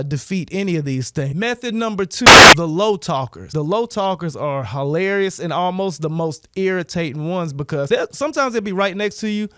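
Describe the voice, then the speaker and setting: A man vlogger in a casual, emphatic rant that is full of profanity and loose asides. His voice sits fairly high for a man. The recording is dry and close, with little room sound. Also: fairly bright tone, clear, resonant tone, no echo. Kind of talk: casual ranting monologue.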